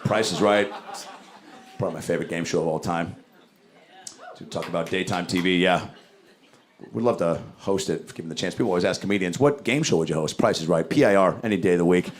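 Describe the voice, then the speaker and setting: A man's voice: sits low, fairly quick, pauses often. A man performing a stand-up comedy set on stage, talking conversationally and dropping into voices. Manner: conversational, animated, doing voices. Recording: live show with loud background noise.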